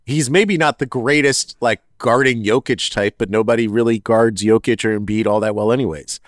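A man's voice: mid-range voice, moderate pace, no room sound, clean studio sound. Rambling man chatting about basketball. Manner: rambling, animated, self-correcting. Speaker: podcast co-host. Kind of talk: casual sports chat.

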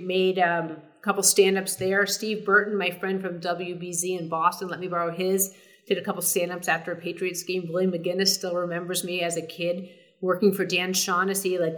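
A middle-aged woman, a sportscaster guest, telling stories in a casual interview, animated and full of fillers and restarts. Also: on the low side.

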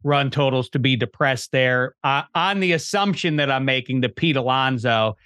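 A man's voice: medium pitch, normal speed, smooth, no room sound. A man in his fifties co-hosting a casual sports betting podcast, joking and teasing his co-hosts. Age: 50s. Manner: animated, teasing banter. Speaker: podcast co-host.

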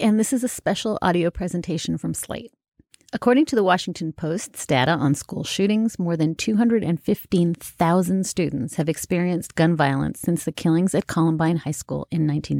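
A woman host narrates from a script in a measured, composed voice. Her pitch sits somewhat low, and the recording is dry and close. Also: darkish tone, no room sound. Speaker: host, legal correspondent.

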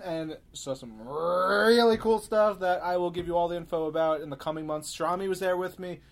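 A man's voice: sits high, normal speed, few pauses. A man hosting a casual podcast, telling an upbeat story in a joking way. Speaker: podcast host. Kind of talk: casual chat.

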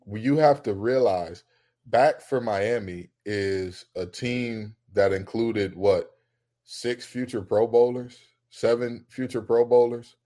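A man co-hosting a casual sports debate show, arguing his points with heat and climbing into loud, emphatic rants. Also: mid-range voice, fairly even intonation, slow pace.

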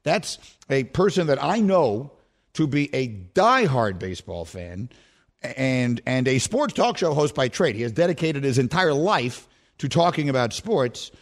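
A man hosting a sports radio show in a studio, arguing in casual banter, animated and indignant. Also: mid-range voice. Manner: animated, indignant, quick to argue.

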